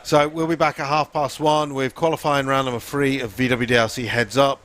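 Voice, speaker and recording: Laid-back trackside announcer. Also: male voice, medium pitch, fairly even intonation, fairly quick, fairly bright tone. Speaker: event commentator. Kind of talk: live event commentary.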